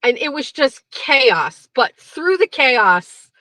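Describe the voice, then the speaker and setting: A woman's voice: sits high, big pitch swings, slow pace, pushed and bright, dry recording, rough recording. A young adult woman hosting a casual talk show, rambling and profane, laughing often and slipping into mocking voices. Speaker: show host. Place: home studio.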